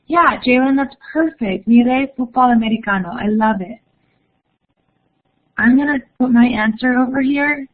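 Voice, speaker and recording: A woman's voice: a little high, moderate pace. Upbeat woman teaching on a thin line. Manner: upbeat, encouraging, reads chat aloud. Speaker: Spanish teacher. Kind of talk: online class lesson. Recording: phone-like narrow audio.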